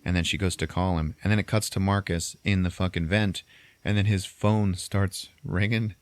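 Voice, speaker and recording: Talk low and loose, a profane podcast host recapping a movie to a friend, in a dry, close room. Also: male voice, flat delivery, moderate pace, dry recording. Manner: profane, laughing storyteller. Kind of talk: crude comedic movie recap.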